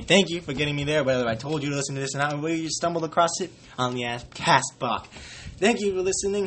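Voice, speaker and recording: A man's voice: mid-range voice, fairly bright tone, a little hiss or hum. A young man hosting a casual sports podcast, joking and rambling, slipping into silly quoted voices. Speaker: podcast host.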